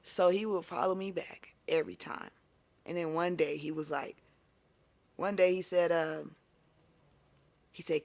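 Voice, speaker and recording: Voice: medium pitch, fairly even intonation, measured pace, gravelly, pauses often, a little mellow. A tarot reader telling a personal story in a casual, chatty way, swearing freely, laughing often and leaning on fillers. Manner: chatty, profane, filler-heavy.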